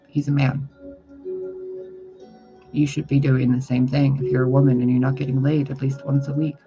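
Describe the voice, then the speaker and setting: Blunt, gravelly man over music. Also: a little high. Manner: blunt, profane, chatty. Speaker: tarot reader. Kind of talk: casual spiritual advice vlog. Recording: dull lo-fi sound with loud music.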